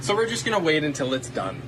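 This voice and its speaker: A young man filming on his phone inside a walk-in freezer, out of breath and joking as he talks to spirits. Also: a little high. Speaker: restaurant worker. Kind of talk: casual phone-camera clip. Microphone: phone camera. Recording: noisy phone video. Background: refrigeration hum.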